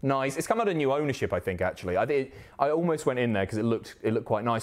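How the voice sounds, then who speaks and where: A man from the Isle of Wight, chatting casually and excitably on a live stream, swearing often. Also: medium pitch, fast, hardly any pauses. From Isle of Wight, England. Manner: excitable, sweary, reads chat aloud.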